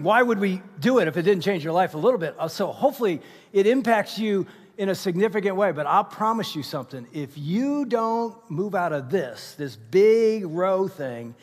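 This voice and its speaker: A middle-aged man preaching a sermon to his congregation, talking in an animated, conversational way with asides to the crowd. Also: high-pitched. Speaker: pastor. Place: large church auditorium. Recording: reverberant church auditorium.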